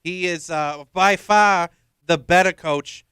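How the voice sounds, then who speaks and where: A man putting on a put-on Boston accent to play a brash male sports fan who is gruff and snappy. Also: high voice, slow pace, bright, forceful tone, no echo, studio quality, full character voice. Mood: swaggering. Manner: gruff, snaps back at teasing. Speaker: co-host.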